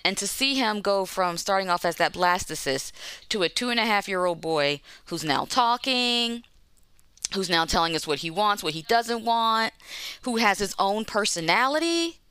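A woman in her forties, a mother and interview guest, telling her story in a warm way with frequent laughter. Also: mid-range voice, lively intonation, measured pace, smooth, dry recording. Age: 40s. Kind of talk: casual interview chat.

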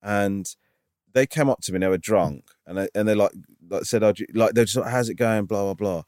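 A man, a stand-up comedian and podcast co-host, telling an animated story in casual chat with lots of "like" and "right?". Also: fairly low pitch, a little fast, no echo, clean studio sound. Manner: animated, full of fillers like "like" and "right?".

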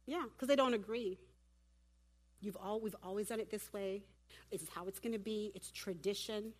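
A woman giving a lively sermon at a church women's event and directing volunteers from the audience. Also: medium pitch, moderate pace. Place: church hall.

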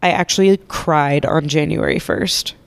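A woman's voice: low voice, measured pace, creaky, dry recording. A young woman hosting a casual solo podcast while congested and nasal from a cold, rambling and joking as she lies on her couch. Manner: rambling, chatty, swears casually, self-mocking. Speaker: podcast host. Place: living room couch, lying under a blanket. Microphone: podcast microphone held while lying down.

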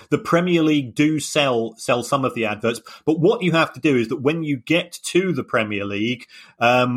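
A man's voice: mid-range voice, a bit bright. A man co-hosting a podcast, explaining with many hesitations and restarts. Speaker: podcast co-host. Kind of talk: casual chat.

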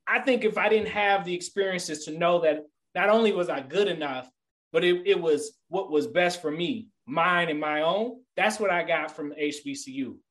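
A middle-aged man speaking as a podcast guest, sitting a little higher in pitch than most men. He tells stories with animation and lands his points in an earnest, motivational way. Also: normal speed, poor audio. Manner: animated storyteller. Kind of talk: casual podcast chat.

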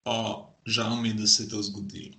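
A man repeating and translating phrases during a language lesson, often pausing and restarting mid-sentence. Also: lowish voice, level tone, pushed and bright. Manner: hesitant, halting translations. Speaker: language learner.

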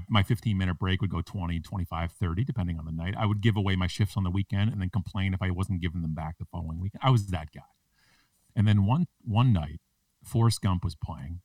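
A man with a fairly low voice tells a story on a podcast, landing his self-mocking jokes with punchy timing. He sounds a little distant from the microphone. The recording is dry, with no room echo. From Canada. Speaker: podcast guest, public speaker. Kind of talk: animated storytelling in a podcast interview.

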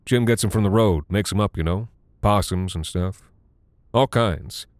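Sly, unbothered old gas-station man read by a male narrator; low, lazy, folksy drawl. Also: measured pace, dry recording, studio quality. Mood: laconic drawl. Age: older.

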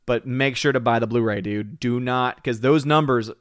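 A man hosting a live stream, chatting casually with viewers in an excitable way and often repeating words as he hurries on. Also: medium pitch, dry recording, clean studio sound. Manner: excitable, repeats words while rushing to the point. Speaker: live stream host reading viewer chats.

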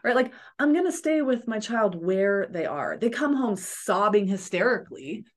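A woman's voice: mid-range voice, expressive, normal speed. A woman therapist, a podcast guest, giving earnest advice in a coaching manner. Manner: earnest, coaching, acts out examples.

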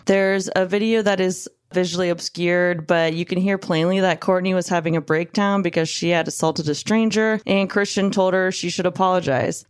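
A woman's voice: fairly low pitch, darkish tone, clear, resonant tone, dry recording, studio quality. A young woman hosting a podcast, recounting a true-crime case in a blunt, indignant way with casual fillers. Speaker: podcast host.

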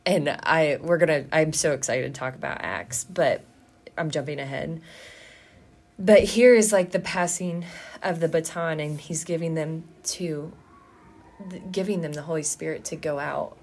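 A woman's voice: sits low, moderate pace, a little mellow. A woman co-hosting a casual Bible study chat, earnest and moved by the scripture she reads. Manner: earnest, gets emotional reading scripture. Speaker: co-host.

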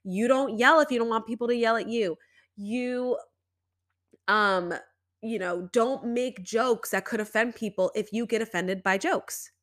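A woman's voice: fairly high pitch, a little slow, fairly bright tone. A young woman hosting a solo podcast, talking casually and chattily with lots of "you know" fillers. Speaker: podcast host.

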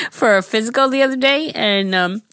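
A woman's voice: a little high, unhurried, fairly bright tone, clean tone, no room sound. A young woman with a Long Island accent, co-hosting a casual podcast chat in a giggly, chatty way, often talking over her friend. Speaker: podcast co-host.

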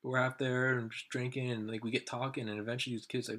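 Husky-voiced man telling animated stories. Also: fast, few pauses. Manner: animated, acts out quoted friends with raised pitch. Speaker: podcast host. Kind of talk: casual storytelling chat.

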